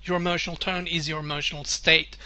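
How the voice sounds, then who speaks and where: A man's voice: fairly high pitch, little pitch movement, fast, sharp tone. A man presenting a webinar with slides, explaining earnestly and often circling back to restate his points.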